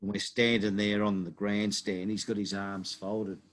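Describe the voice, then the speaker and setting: An Australian man co-hosting a casual betting podcast, telling a story in halting phrases with frequent restarts. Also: fairly low pitch, little pitch movement. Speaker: podcast co-host.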